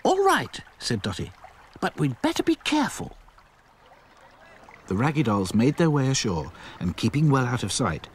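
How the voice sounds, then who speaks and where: Man, cartoon narrator, expressive, lively pitch. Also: a little hiss or hum. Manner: animated, expressive. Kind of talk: storybook narration.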